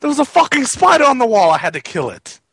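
A man's voice: very high voice, sing-song, quick pace, a bit bright, breathy edge, no echo. A man swearing and laughing in casual banter with his co-hosts. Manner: swears a lot, laughs often. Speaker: co-host of a prank call show.

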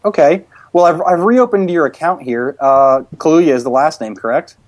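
A man's voice: a little high, normal speed, darkish tone, dry recording, pitched above the performer's own voice, lightly acted. A man playing a polite male corporate public relations caller, speaking in a hesitant, scripted way. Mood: overly polite.

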